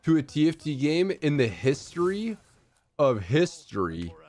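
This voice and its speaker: A young male streamer talks through his game in a relaxed, unhurried way. His voice sits a little high and leaps around wildly, and he breaks into excitable shouting when things go his way. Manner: excitable, bursts into shouting and laughter. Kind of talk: casual gameplay commentary.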